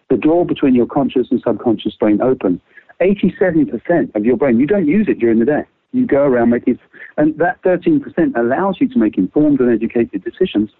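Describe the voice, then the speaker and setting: Male creativity trainer, lively and casual, dry phone-quality sound. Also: husky, no room sound. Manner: lively, swings pitch widely, casual swearing. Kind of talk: animated explaining with quick exercises.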